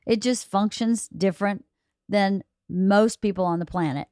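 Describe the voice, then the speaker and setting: A woman's voice: mid-range voice, unhurried, warm tone, smooth, no echo. A middle-aged woman with a mid-range voice speaks plainly and practically, explaining her reasoning in an easy, reassuring way. The recording is dry and close-miked, with no room sound. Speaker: podcast host. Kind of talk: casual family conversation. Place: home, late night.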